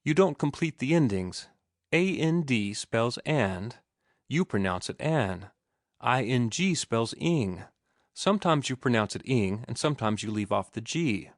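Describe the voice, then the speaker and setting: A man's voice: medium pitch, animated, moderate pace, few pauses, dry recording, studio quality, lightly acted. A man voicing a prim, refined young woman correcting grammar. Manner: precise, gently correcting.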